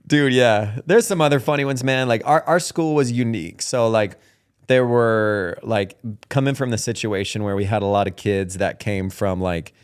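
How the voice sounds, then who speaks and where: A man's voice: fairly low pitch, normal speed, smooth. A young man hosting a podcast. He tells school stories in a casual, slangy way, laughing often. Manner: laughs often, loose slangy talk full of "like" and "dude". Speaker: podcast host. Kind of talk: casual storytelling chat.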